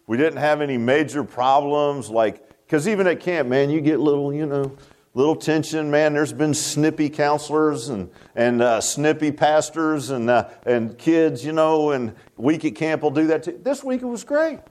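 A pastor preaches in a loose, folksy way, circling back with restarts and asides. His voice sits high for a man. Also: moderate pace, darkish tone. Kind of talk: sermon.

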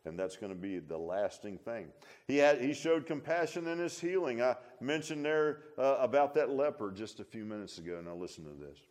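A man's voice: mid-range voice, animated, moderate pace, darkish tone. A middle-aged man preaching a sermon in a folksy, conversational way, full of asides to the congregation. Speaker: pastor.

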